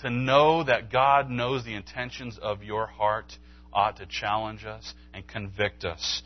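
Delivering a sermon in a church sanctuary, a pastor brings a story to life, jumping in pitch as he acts out the dialogue. His pace is measured, and the audio sounds dull.

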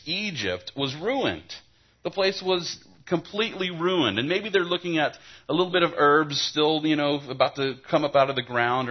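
A man's voice: mid-range voice, dull audio. A male pastor giving an expository sermon in a conversational style, often restarting his phrases. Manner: conversational preaching with frequent restarts.

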